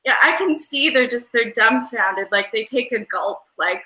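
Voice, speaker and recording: A woman guest in a casual video-call interview talks in an airy, Valley-girl style, rambling and filling her speech with fillers. Her fairly high voice is animated, bright and forceful, at a normal speed. The audio carries a roomy echo.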